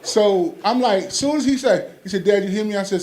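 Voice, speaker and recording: A man's voice: high voice, fairly quick, hardly any pauses, a little mellow. A man doing a stand-up comedy set, telling stories animatedly and acting out quoted voices.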